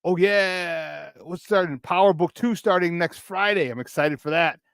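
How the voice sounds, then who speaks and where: A man with a Chicago accent, hosting a morning sports talk show in a hyped, playful way, shouting out to his viewers. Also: high-pitched, normal speed, creaky, smooth, no echo.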